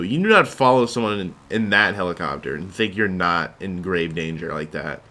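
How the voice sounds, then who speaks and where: A man's voice: low-pitched, expressive, moderate pace, hardly any pauses, bright, forceful tone. A young man giving rambling, jokey commentary over his own gameplay footage. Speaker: gaming video host.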